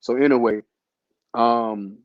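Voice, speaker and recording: Taking it slowly, a man with a mid-range, steady voice tells his own illness story as host. He's relaxed and slangy, full of fillers, and the lo-fi recording sounds dull with no echo.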